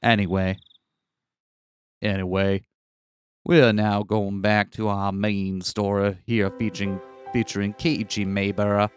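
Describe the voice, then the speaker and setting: A man's voice: fairly low pitch, level tone, a little slow, faint music behind. A man co-hosting a let's play, chatting casually with stammering restarts and playful asides while reading a visual novel.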